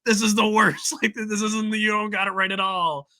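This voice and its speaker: A man's voice: sits high, level tone, normal speed, sharp tone, pitched above the performer's own voice. A man voicing a curmudgeonly old Irish man who scolds, in a mock Scottish-Irish brogue. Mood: scolding.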